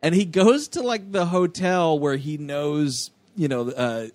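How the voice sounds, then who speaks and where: A man co-hosting a casual podcast, excitedly recapping a movie, laughing and acting out lines. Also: on the high side, measured pace, no room sound. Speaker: podcast co-host.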